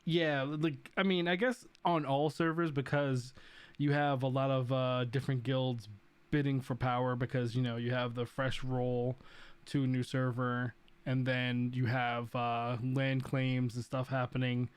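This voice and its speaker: A man's voice: medium pitch, little pitch movement, a little slow, clear, resonant tone, no room sound. A man hosting a casual gaming chat, talking at length with lots of fillers. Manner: rambling, many fillers. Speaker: podcast host.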